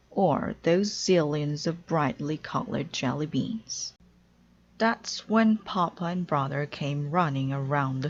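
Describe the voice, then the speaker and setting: A woman reading a children's storybook aloud in a clear, deliberate storytelling way. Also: sits low, muffled recording, slight background noise. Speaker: storybook reader. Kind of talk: children's read-aloud narration.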